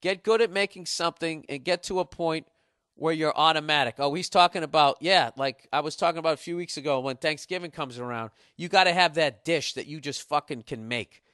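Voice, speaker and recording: A man's voice: a little high, brisk, fairly bright tone, no room sound, clean studio sound. A man in his forties with a Boston accent, hosting a casual solo podcast and ranting in a profane, mock-aggressive, bragging way. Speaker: podcast host. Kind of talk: casual solo podcast rant reading listener email.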